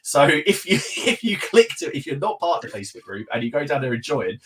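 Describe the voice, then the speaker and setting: A male podcast host on a live stream, rattling off viewer greetings one after another and tossing in quick remarks between names. His pitch sits in an ordinary middle range for a man. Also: very animated, fairly bright tone, slight background noise.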